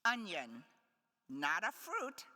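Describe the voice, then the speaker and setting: A woman's voice: fairly low pitch, wildly swooping pitch, takes it slowly, sharp tone. A woman poet giving a live reading in a conference hall, with playful, wry asides between poems. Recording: long hall reverb.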